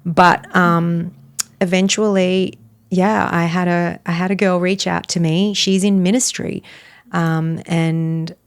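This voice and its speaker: A middle-aged woman, a wellness author and podcast guest, telling a personal story in an earnest, animated way. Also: lowish voice, slow pace, clear, resonant tone. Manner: earnest, animated, laughs between phrases.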